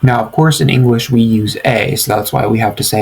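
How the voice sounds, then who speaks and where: A man's voice: mid-range voice, fairly quick, gravelly, slightly rough, low-quality recording. A man teaching beginners in a language tutorial, speaking patiently and repeating each phrase for learners to follow. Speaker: French teacher.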